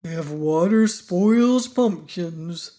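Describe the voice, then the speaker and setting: A man reading an audiobook and voicing an anxious, polite pumpkin-headed man who talks slowly and sighs with worry. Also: high voice, warm tone. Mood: gloomy. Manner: slow, fretful, sighing delivery. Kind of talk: audiobook character voice.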